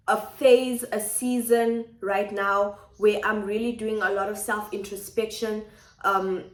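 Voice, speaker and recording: Woman vlogging from her kitchen, mid pitch, thoughtful, says things twice, roomy sound. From South Africa. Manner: reflective, speaks in repeated phrases. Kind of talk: personal vlog confiding to viewers. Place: home kitchen. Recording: echoey kitchen.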